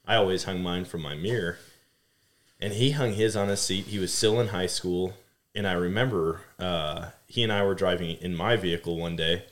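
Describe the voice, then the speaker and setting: A man's voice: sits low, moderate pace, fairly bright tone. A young adult man hosting a podcast, chatting upbeat and telling stories to his relatives. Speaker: podcast host. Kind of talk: casual conversational interview.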